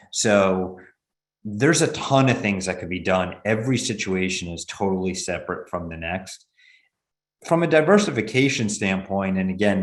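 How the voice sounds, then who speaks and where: Deep-voiced man explaining benefit plans. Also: roomy sound. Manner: explanatory, many restarts and fillers. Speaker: benefits consultant guest. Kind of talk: podcast interview.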